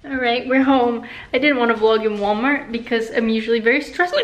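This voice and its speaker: A woman's voice: a little high, fairly even intonation, brisk, dull audio. A woman chatting casually in a home vlog from her kitchen, giggly and hiccuping as she talks. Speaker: vlogger. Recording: home video with audible kitchen noise.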